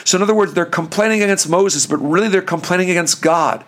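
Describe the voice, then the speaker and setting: A man's voice: high voice, fast. A man preaching a sermon, earnest and direct, asking the listener questions.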